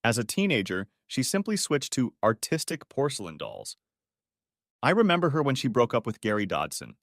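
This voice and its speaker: A man narrating a dramatic first-person family story audiobook in an expressive, emotional way. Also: mid-range voice, normal speed, dry recording, studio quality.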